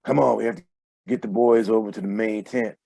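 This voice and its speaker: Gruff middle-aged animal-trainer father, brisk and commanding, low voice, read by a man. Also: fairly even intonation, warm tone, no echo, clean studio sound.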